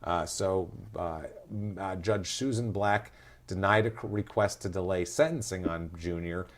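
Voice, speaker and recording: A man's voice: sits low, measured pace. A man hosting a podcast, casually retelling a true-crime story with jokes and swearing. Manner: profane, joking, reads dates and quotes. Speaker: podcast host.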